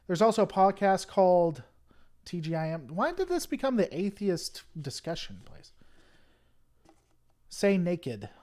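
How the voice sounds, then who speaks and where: His voice sits high, very animated and darkish, at a measured pace with frequent pauses: a young Southern-accented livestream host from Tennessee answering viewers in casual chat. He rambles, filling in and restarting a lot, getting heated and then apologizing.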